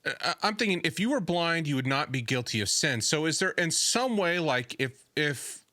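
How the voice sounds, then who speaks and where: A man's voice: on the high side, animated, moderate pace, bright, forceful tone, dry recording, clean studio sound. A man co-hosting a casual Bible podcast, asking questions hesitantly as he thinks aloud. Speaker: podcast co-host.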